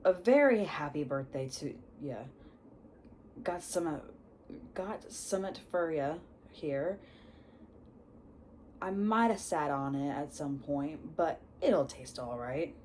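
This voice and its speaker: A huge bearded giant, read by a woman, talks bluntly in a rustic West Country English lilt. The voice sits low and moves slowly. The tone is soft and dark, with a faint hum of room noise behind it. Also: expressive. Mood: gruff, friendly. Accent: attempted West Country English. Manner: slow, blunt, rustic speech. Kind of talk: storybook read-aloud.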